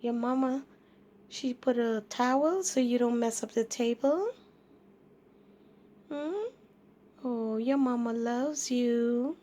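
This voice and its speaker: A woman filming her kitten and talking to it in sing-song baby talk, asking it many gentle questions. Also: a little high, fairly even intonation, slow pace, pauses often. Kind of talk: cooing pet talk.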